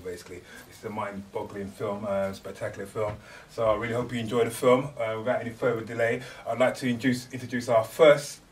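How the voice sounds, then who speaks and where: A man promoting a film and introducing poets at an event, halting with restarts. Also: fairly low pitch, sharp tone, recorded from a distance, a little hiss or hum. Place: event venue.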